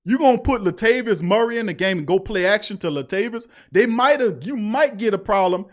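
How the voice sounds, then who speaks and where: A man with a fairly high voice hosts a live-streamed sports talk show. He reads viewers' chat messages aloud and rants at length, emphatic and full of street slang. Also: brisk, a bit bright. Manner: fired-up, ranting, slangy and emphatic.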